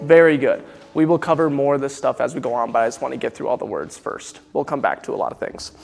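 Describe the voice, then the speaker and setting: A man's voice: mid-range voice, fast talker, gravelly, darkish tone, faint music behind. A man leading a choir rehearsal, coaching Latin pronunciation and speaking lines for the singers to repeat. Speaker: choir director. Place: church rehearsal space. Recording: long reverb of a church hall.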